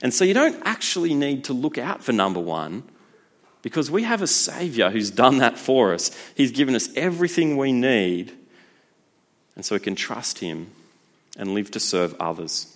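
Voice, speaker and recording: A man preaching a sermon in a conversational, lively way. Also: medium pitch, moderate pace. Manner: conversational, lively, acts out voices.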